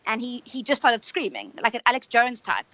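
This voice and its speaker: A woman's voice: on the high side, huge pitch swings, brisk, pushed and bright, dry recording, lo-fi sound. A woman musician guest telling blunt, profane stories in casual chat.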